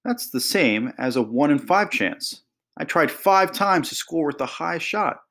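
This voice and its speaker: A man voicing an eager young boy who loves numbers, talking excitedly and explaining. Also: fairly high pitch, unhurried, pitched above the performer's own voice.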